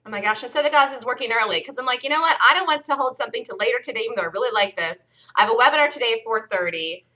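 A woman hosting a live day trading room, excitedly calling trades as they happen, her voice getting worn from talking loud. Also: a little high, fast talker. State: losing her voice. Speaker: day trading show host.

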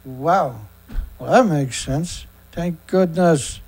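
A sarcastic, indignant show host reads news excerpts and then comments on each one. The voice sits at a middle pitch. The speaker often trips over words and restarts sentences. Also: slow, darkish tone, husky, poor audio. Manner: stumbles and repeats words.

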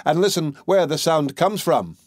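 A man's voice: fairly high pitch, lively intonation, moderate pace, no echo, clean studio sound, pitched above the performer's own voice. A man voicing Tom Thumb, a tiny, plucky and cheeky little boy in a storybook audiobook, with a perky, bold way of calling out. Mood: chatty.

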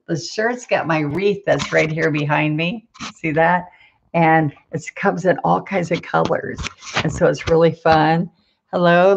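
A middle-aged Southern woman hosts a live painting stream and chats easily, greeting her viewers by name between small laughs. Her voice sits low with a gravelly edge, and she talks at an unhurried pace. The sound is dull and lo-fi. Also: a little hiss or hum. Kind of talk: casual live-stream chat.

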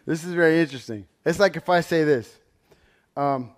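A man with a slightly higher-than-average voice leads a Bible study in a loose, chatty sermon. He tells stories animatedly, swinging between loud and quiet, and keeps asking his listeners "right?". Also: fairly quick. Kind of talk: casual sermon storytelling.

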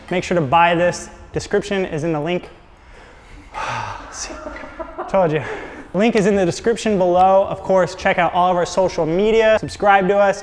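A young man hosting a product vlog from a workshop, with an upbeat sales pitch. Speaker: host of a scooter shop channel. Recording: reverberant room, faint music.

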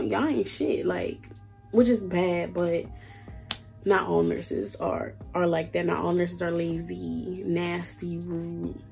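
A woman's voice: on the low side, gravelly, mellow. A young woman, ranting bluntly in a casual vlog and swearing freely. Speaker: vlogger. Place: indoors at work.

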